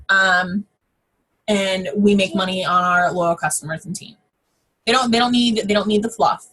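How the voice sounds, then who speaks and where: A woman coaching her sales team in a loose, conversational way, peppering her talk with fillers and excited exclamations. Her voice has a husky edge, sitting in an ordinary middle pitch. She speaks from a home office. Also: normal speed. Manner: chatty, frequent fillers and exclamations. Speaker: network marketing team trainer. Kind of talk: casual training talk.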